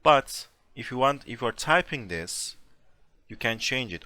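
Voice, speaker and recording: A man teaching a language class over a voice chat, explaining slowly and patiently with casual fillers. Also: medium pitch, animated, sharp tone, no room sound. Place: home room, over a voice chat. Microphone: computer mic on a voice chat.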